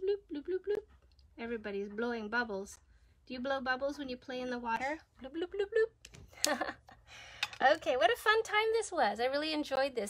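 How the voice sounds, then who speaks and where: A woman teaching a children's drawing lesson, chatting gently and thinking aloud as she colors. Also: sits high. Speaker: kids yoga and art teacher.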